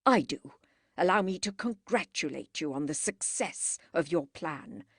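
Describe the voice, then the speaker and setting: A proud, cold gentleman bites off his words and keeps them stiff and formal. His voice sits low, with a creaky edge, in a dry, close sound, performed by a woman narrator. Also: big pitch swings, measured pace, no echo, heavily acted. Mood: biting. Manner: clipped, cold and biting. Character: stern, proud Edwardian gentleman.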